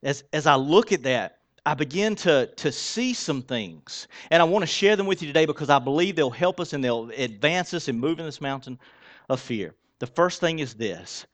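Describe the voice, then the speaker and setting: Male pastor with a slightly raised pitch; preaches conversationally, quizzing the congregation, dropping soft then getting loud. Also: expressive, moderate pace. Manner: conversational, asks the congregation rhetorical questions; switches between soft and loud for emphasis. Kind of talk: sermon.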